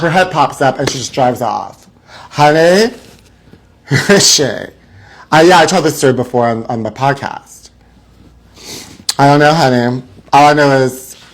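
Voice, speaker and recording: A man hosting a live celebrity gossip show, theatrical and mock-frightened, calling his viewers honey. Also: medium pitch. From Los Angeles area.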